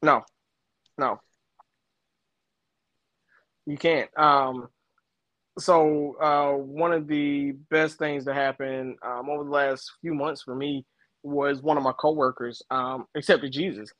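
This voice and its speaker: A man's voice: medium pitch, fairly even intonation, slow, long pauses, a bit bright, no echo, highs cut off. A middle-aged man co-hosting a casual faith talk, explaining with personal stories and everyday examples. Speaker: co-host.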